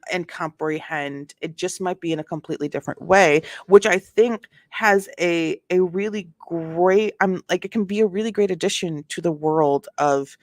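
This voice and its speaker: Chatty woman with a lowish voice. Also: no room sound, studio quality. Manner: chatty, animated, lots of restarts and asides; reads documents aloud, then reacts with sass. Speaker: commentator reading court filings. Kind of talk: casual commentary vlog.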